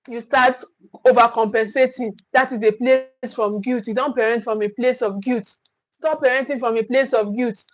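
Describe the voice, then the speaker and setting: A high-pitched woman coaches parents in an earnest livestream talk. She repeats key phrases for emphasis and slips into the voices of scolding parents. The sound is dry and close, with no room echo. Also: steady tone, normal speed.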